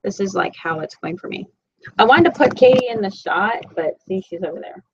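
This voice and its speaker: A woman's voice: mid-range voice, lively intonation, fairly quick, dull audio, a little hiss or hum. Chatty Southern woman teaching sewing. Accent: Southern US, Florida. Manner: chatty, rambling, self-deprecating. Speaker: sewing instructor. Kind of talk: live-streamed sewing tutorial. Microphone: computer mic.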